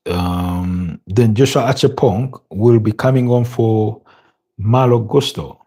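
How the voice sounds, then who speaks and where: Man, football watch-along commentator, dark mellow tone, thinks out loud, halting. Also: on the low side, husky. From Uganda. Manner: thinking aloud, hesitant, repeats words, chuckles. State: tired, yawning. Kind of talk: live match commentary and chat.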